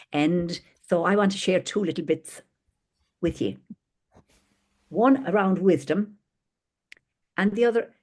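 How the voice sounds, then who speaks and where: Gentle woman, low voice. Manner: gentle, meandering, affectionate. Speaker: host of a spiritual gathering. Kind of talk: informal spiritual talk with stories. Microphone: video call.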